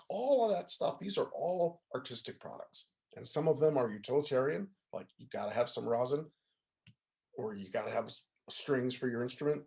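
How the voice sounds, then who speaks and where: Conversational man lecturing. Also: medium pitch. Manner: conversational, asks the audience to confirm with frequent "right?" and "okay?". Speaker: music professor giving an online talk. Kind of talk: informal lecture over video call. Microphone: video call.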